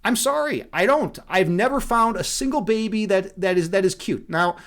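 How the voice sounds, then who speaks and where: A man's voice: high voice, normal speed, fairly bright tone. A man hosting a casual livestream monologue, rambling and profane, laughing at his own jokes. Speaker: livestream host.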